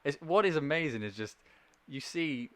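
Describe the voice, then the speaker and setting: A man, a podcast guest telling stories in a quick, laughing way, with frequent restarts. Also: a little high, lively intonation, a bit bright. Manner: rapid, laughing storyteller with many restarts. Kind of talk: casual chat.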